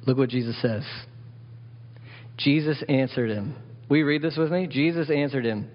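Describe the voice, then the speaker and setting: A man's voice: mid-range voice, normal speed, pauses often. Preaching man in a reverberant hall. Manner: emphatic, asks the congregation questions. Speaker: pastor. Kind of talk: sermon. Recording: dull sound with long hall reverb.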